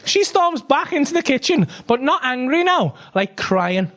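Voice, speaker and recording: A man's voice: very high voice, big pitch swings, measured pace, fairly bright tone. A young man doing a stand-up routine, rambling and swearing, working himself up into exasperated rants. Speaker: stand-up comedian.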